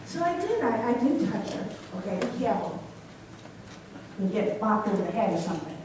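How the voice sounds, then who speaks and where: A woman's voice: mid-range voice, very animated, fairly quick, noisy background. A woman preaching a sermon in a church, telling stories and asking her congregation questions. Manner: storytelling, asks congregation questions. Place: church sanctuary. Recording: echoey church from a distance.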